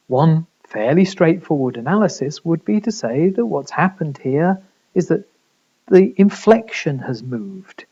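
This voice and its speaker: A male lecturer talks through his material in a measured, explanatory way, often posing questions and answering them himself. His voice is dark and mellow. The recording is dull and lo-fi. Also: fairly high pitch, husky. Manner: measured explanatory delivery with rhetorical questions and fillers.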